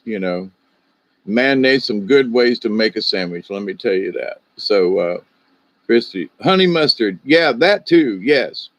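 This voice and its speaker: A man's voice: medium pitch, no room sound. Rambling Southern man chatting live. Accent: Southern US drawl. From American South. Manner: rambling, chuckling, talks to chat viewers by name. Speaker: livestream host. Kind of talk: casual livestream chat.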